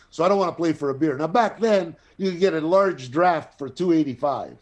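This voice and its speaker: An older man, an actor and guest, telling a long anecdote in a casual, profane, animated way. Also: a little high, brisk, few pauses. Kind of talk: casual storytelling.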